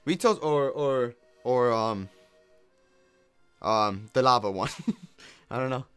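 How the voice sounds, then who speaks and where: A man's voice: mid-range voice, slow, a bit bright, smooth, soft background music. A man streaming a video game, talking casually and rambling while often laughing at his own jokes. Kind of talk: casual gameplay commentary.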